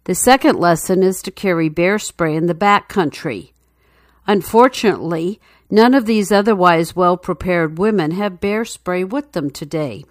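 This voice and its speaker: A woman's voice: fairly low pitch, normal speed, no echo, studio quality. A woman narrating a true story as scripted narration, telling it in a dramatic, suspenseful way.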